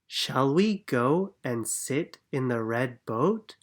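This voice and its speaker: A reader voicing an anxious young girl in a children's storybook, speaking gently and earnestly in a slightly raised voice. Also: mid-range voice, animated, slow. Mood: worried. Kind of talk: storybook reading.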